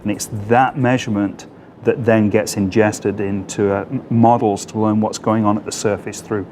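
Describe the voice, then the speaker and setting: A man with a fairly low voice answers interview questions as a mission scientist. He explains things methodically, the way a lecturer would. Faint music plays behind him. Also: steady tone, moderate pace, a little mellow.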